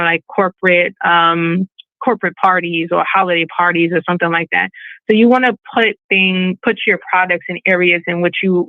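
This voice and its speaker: A woman's voice: on the low side, no room sound. A woman giving a casual online presentation as a business owner, chatty and full of fillers, acting out quoted voices. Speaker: webinar presenter and balloon event business owner. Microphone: video call. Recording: phone-like webinar audio, dry.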